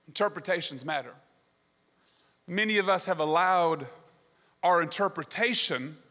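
A man delivers a sermon in a high, sharp-edged voice. He works the room with rhetorical questions and a lively story. His words ring out with a long reverb from the large hall around him. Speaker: pastor.

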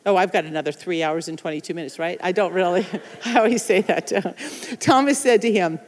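A woman's voice: on the low side, fairly quick, long reverb tail. A woman pastor preaching a sermon, chatty and laughing, mixing personal stories with scripture and playful asides.

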